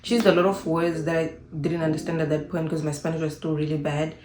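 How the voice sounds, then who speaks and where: Lively young woman from Zimbabwe, roomy echo. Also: low-pitched, quick pace. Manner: animated, acts out quoted voices. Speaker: vlogger. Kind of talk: unscripted casual vlog talk.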